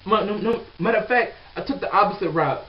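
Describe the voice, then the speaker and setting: Young man, high voice, casual profane storytelling, lots of fillers, distant from mic, muffled lo-fi sound. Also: fast talker. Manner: animated, profane, rambling with many fillers. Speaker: vlogger. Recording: distant, dull lo-fi webcam sound.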